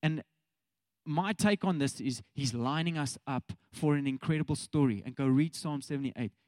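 Brief: South African male preacher, thirties, fairly high voice, relaxed chatty sermon delivery, close dry sound. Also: moderate pace, dry recording. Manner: casual, chatty, addresses congregation directly. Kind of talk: conversational sermon.

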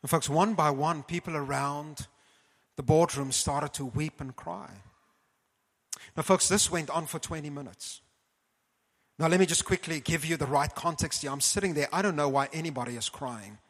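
A man telling a story in an animated sermon, often calling his audience folks and clearing his throat. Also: fairly high pitch, normal speed. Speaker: preacher. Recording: long hall reverb.

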